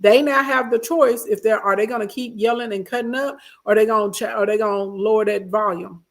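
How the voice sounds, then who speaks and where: A woman's voice: fairly high pitch, fairly even intonation, a little fast. A woman hosting a casual advice stream, reading out viewer comments and answering them in an emphatic way that repeats points and keeps checking in. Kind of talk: casual advice talk, livestream.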